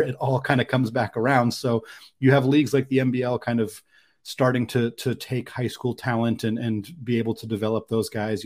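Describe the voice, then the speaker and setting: A man's voice: medium pitch, a little mellow. A man co-hosting a casual sports podcast, thinking aloud in a musing way with a lot of likes and restarts. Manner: thoughtful, musing, many fillers. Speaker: podcast co-host.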